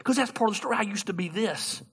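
A man preaching a sermon as a pastor, telling a story in an animated, humorous way. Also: high-pitched, quick pace, creaky, slightly rough.

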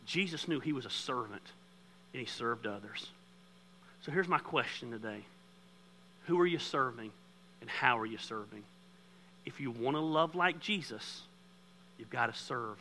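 A male pastor preaches in a very bright, sharp voice. He tells a personal story with self-deprecating humor and a conversational tone that breaks into lively bursts. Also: mid-range voice, moderate pace, pauses often, a little hiss or hum, rough recording. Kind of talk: sermon.

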